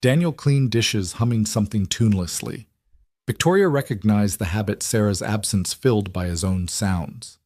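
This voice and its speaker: A man reading a scripted story in an even, measured narration. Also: lowish voice, no echo, clean studio sound.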